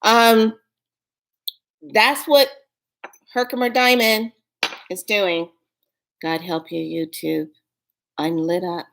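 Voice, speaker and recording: A woman chatting straight to her viewers about spiritual practice. She sounds playful and affectionate, laughs easily and often, and closes with warm sign-offs. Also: medium pitch. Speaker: spiritual vlogger. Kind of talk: casual spiritual chat to viewers.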